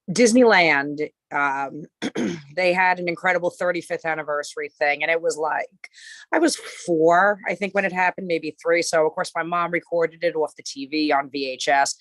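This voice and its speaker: A woman's voice: on the low side, fairly bright tone, no room sound. A woman in her thirties with a Long Island accent, chatting casually and upbeat as a podcast co-host. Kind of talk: casual chat.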